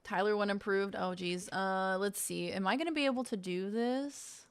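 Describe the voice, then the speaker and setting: A woman's voice: medium pitch, moderate pace, smooth. A woman streams live in an easygoing, chatty voice. She swears freely and plays around while sounding out words from packaging. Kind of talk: casual live-stream chat.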